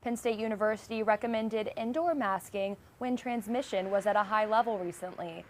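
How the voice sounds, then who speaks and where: A young woman reading the news as anchor in a crisp, even way. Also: medium pitch, fairly quick, slight background noise. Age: young adult.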